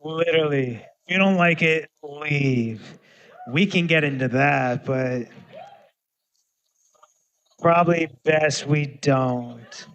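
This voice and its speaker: High-voiced man ranting on a livestream. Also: slow pace, pauses often. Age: 30s. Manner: animated, ranting, profane, swings between loud and muttered. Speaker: musician hosting a livestream. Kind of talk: casual livestream rant.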